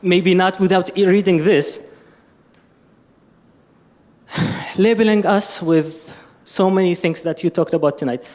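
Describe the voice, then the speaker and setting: A man from Syria asking an emotional, halting question from the floor of a public lecture, pleading for help. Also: high voice, a little mellow. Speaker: audience member asking a question. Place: lecture hall.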